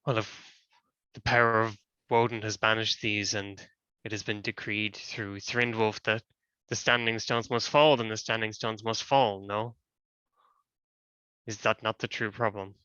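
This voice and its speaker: A suspicious woman adventurer, played by a player presses with slow, pointed questions. The voice is bright and smooth. It comes over a dull, lo-fi call line. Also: medium pitch, flat delivery, no room sound. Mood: challenging. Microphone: video call.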